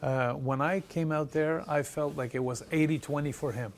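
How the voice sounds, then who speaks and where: A Canadian man, a retired pro wrestler, telling stories in an animated interview and acting out the people he quotes. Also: fairly high pitch, moderate pace, slight background noise. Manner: excited, laughing storyteller who acts out quotes.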